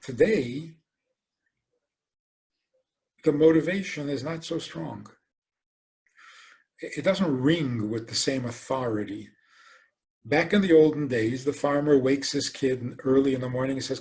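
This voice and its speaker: A man speaks as a rabbi delivering a lecture. His pitch sits right in the middle. He tells his points as lively stories and leans on rhetorical questions. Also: moderate pace. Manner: animated storytelling, acts out quoted voices.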